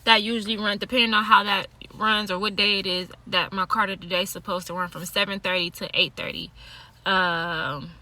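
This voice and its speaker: A woman's voice: mid-range voice, steady tone, brisk, bright, forceful tone. A woman tarot reader and yoga teacher talking to camera in a casual monologue, blunt and profane, laughing often.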